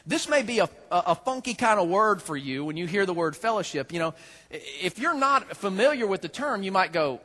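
A man preaching a sermon as a pastor, folksy and joking, with animated storytelling. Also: sits high, brisk.

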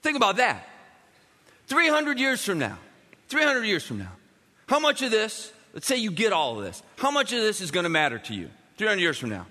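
A man preaching a sermon as a pastor, emphatic and animated, swinging from loud bursts to quiet, intimate lines. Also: high-pitched, moderate pace. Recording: long reverb of a large hall.

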